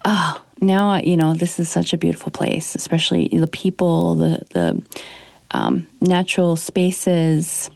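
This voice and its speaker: A woman's voice: fairly low pitch, animated, measured pace, vocal fry, darkish tone, no room sound. A woman speaking in casual conversation, rambling and hesitant with many fillers.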